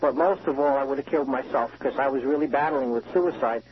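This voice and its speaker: A man with a mid-range voice calls from a prison payphone, speaking quickly over slight background noise. He is an inmate giving an earnest, emotional personal testimony, restarting often. The line sounds muffled.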